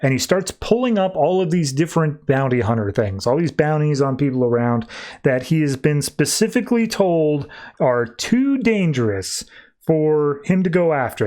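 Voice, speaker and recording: A man's voice: on the high side, darkish tone. A man co-hosting a podcast, chattily recapping a comic book plot and peppering it with "like.". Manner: chatty, heavy use of "like" when retelling. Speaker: podcast co-host.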